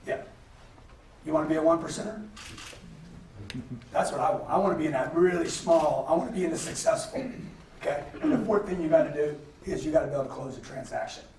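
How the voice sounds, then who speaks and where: A man's voice: on the high side, expressive, fast talker, pauses often, a little mellow, a little hiss or hum. A man giving a motivational business lecture to an audience, emphatic and punchy, with laughter from the crowd. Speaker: guest speaker. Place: lecture hall. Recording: roomy hall, mic at a distance, faint ambience.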